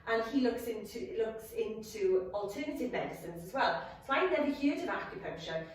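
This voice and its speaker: A woman's voice: medium pitch, expressive, normal speed. A woman co-hosting a casual wellness chat. She tells personal stories candidly and laughs easily. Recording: echoey room, voice from a distance.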